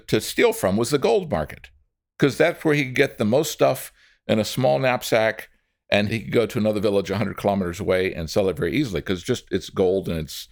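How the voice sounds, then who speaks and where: A man telling a dramatic story to an audience, addressing its members directly. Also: fairly low pitch. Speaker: storyteller, speaker.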